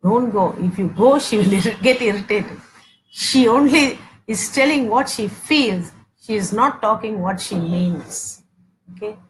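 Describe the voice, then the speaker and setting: A woman's voice: mid-range voice, animated, measured pace, slight background noise, rough recording. A woman in her forties giving a teaching sermon on Christian marriage, repeating points and saying "okay" often, acting out household arguments. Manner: repeats herself often, peppers talk with "okay", acts out domestic quarrels.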